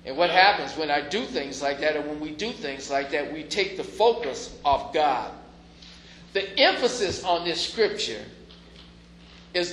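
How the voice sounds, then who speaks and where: A pastor with a fairly high, slightly bright voice preaches conversationally, now and then rising into emphatic stresses. The sermon is recorded in an echoey room with faint noise.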